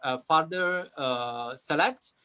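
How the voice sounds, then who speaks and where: An Italian-accented man talks as a guest in a casual live interview. His voice sits a little high, and he halts often with fillers and restarts as he explains. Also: slow, pushed and bright, smooth. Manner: hesitant, many fillers and restarts. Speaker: guest, company founder.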